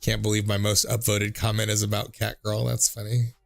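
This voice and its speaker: A man's voice: lowish voice, flat delivery, brisk, creaky, soft background music. A man in his thirties, a streamer reading out viewer comments in a casual, jokey way, swearing freely and often laughing.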